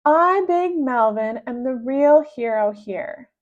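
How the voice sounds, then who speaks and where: A woman voicing a bratty, pompous boy villain who barks orders in a high, slow, drawn-out voice. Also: lively intonation. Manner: high, loud, drawn-out commanding delivery. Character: pompous bratty boy turned bossy supervillain. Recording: dull low-fidelity sound.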